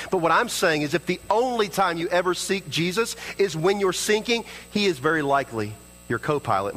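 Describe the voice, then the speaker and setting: A man's voice: a bit bright, big-room sound, low-quality recording. A man preaching a sermon as pastor, earnest, acting out prayers and dialogue in his own voice. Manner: earnest, acts out prayers and dialogue in shifting pitch.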